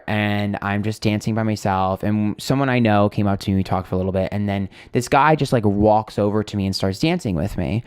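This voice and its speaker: A young man with a lowish, smooth and resonant voice tells a long story in loose, casual chat. He rambles, swears freely and sounds exasperated. The sound is dry and close, with no room around it. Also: darkish tone, dry recording. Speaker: tarot reader and streamer.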